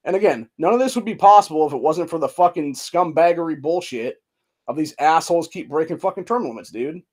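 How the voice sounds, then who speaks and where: A man's voice: fairly high pitch, lively intonation, a little fast, darkish tone. Profane ranting man. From Ohio. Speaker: podcast host. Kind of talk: angry political rant. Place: studio.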